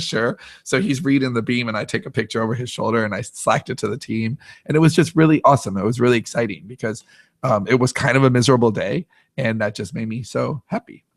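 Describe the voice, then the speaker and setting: A podcast host telling a story in a relaxed, self-deprecating way, laughing often. His voice sits at a middle pitch, and the recording is dry and close. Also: creaky, no room sound. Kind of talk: casual storytelling.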